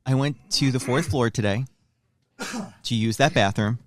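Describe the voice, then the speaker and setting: A man co-hosting a podcast in casual chat, wry with quick banter. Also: mid-range voice. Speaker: podcast co-host.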